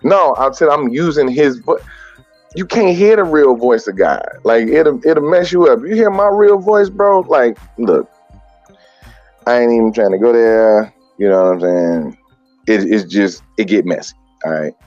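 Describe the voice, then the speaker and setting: A man's voice: mid-range voice, expressive, unhurried, a little mellow, no echo, muffled recording, faint music behind. A man talking through a voice-changer filter, joking in mock-grandiose banter as a podcast co-host. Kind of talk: joking casual chat.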